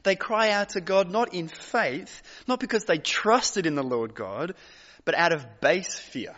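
A man preaching a sermon as pastor, emphatic, with dramatic pauses and repeated phrases, in a large hall. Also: sits high, lively intonation, fairly bright tone. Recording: dull recording with long hall reverb.

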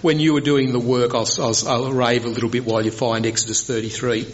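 A man preaches a sermon in a middle-pitched voice. He tells the story with energy and often climbs sharply in pitch. The recording sounds a little dull and lo-fi. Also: fairly quick, slight background noise. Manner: animated, rises high when voicing Moses.

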